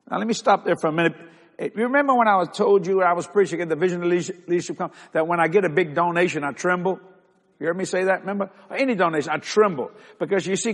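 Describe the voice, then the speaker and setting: An older man pastor preaching a sermon, building to loud, emphatic delivery, stretching key words and calling on the congregation to answer. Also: sits high, a little fast. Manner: calls on the congregation for responses. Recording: long reverb of a large hall.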